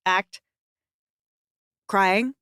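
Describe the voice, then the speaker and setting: A woman's voice: mid-range voice, very slow, pushed and bright. A woman co-hosting a casual podcast, rambling with many fillers and laughing through tears. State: tearful, on the verge of crying. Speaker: podcast co-host. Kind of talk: casual chat.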